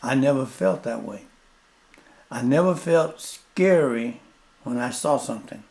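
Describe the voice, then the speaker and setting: An older man, a plainspoken interview guest telling stories slowly and repeating his points. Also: mid-range voice, expressive, creaky, a little mellow. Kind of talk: storytelling in casual conversation.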